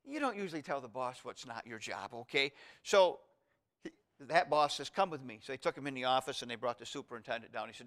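Bright-voiced preaching man. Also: lively intonation, fast talker. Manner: emphatic preaching that rises high and loud on key points; drops to a quiet, soft voice in prayer. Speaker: pastor. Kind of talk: sermon.

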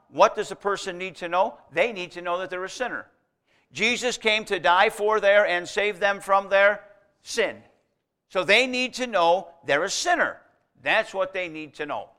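Emphatic preacher man, fairly high voice. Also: normal speed. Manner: conversational, emphatic on key words, swings between loud and quiet. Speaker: preacher teaching evangelism. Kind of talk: sermon teaching.

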